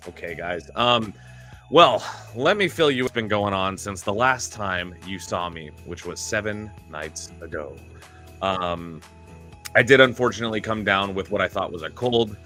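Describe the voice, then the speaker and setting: A man hosting a casual live stream, chatting with viewers and sounding a bit sick and hoarse. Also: lowish voice, lively intonation, normal speed, bright, forceful tone. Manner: chatty, greets viewers by name. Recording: faint music in background.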